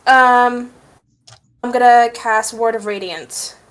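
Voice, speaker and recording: A woman's voice: a little high, fairly even intonation, slow, clear, resonant tone, poor audio. A woman playing a cleric in a tabletop role-playing game, casual with frequent ums. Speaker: player.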